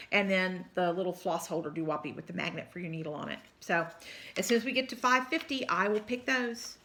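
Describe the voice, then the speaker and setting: A woman's voice: mid-range voice, bright, forceful tone, a little hiss or hum. A woman from South Texas with a Texan accent, chatting casually with viewers in a rambling, apologetic way while tired and yawning. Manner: rambling, chatty, apologetic, says y'all often. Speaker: cross-stitch vlogger.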